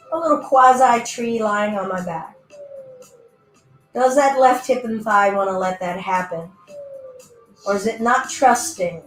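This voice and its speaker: A fairly high-voiced woman leads a yoga class in an echoey room, soft music playing faintly behind her. She talks casually and playfully, cueing stretches and giving her breath and hips little voices of their own. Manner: playful, chatty, voices her body parts in little asides. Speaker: yoga teacher. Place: indoor room, virtual class.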